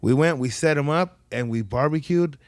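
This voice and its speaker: A man's voice: a little high, moderate pace, dry recording. A man hosting a podcast, telling slangy, profane stories in casual chat and acting out quotes. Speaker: podcast host.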